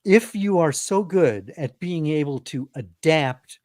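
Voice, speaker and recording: A man's voice: a little high, expressive, takes it slowly, a little mellow, no echo, clean studio sound. A man hosting an interview over a video call, putting short follow-up questions to his guest. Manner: brief prompts and follow-up questions. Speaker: interview host.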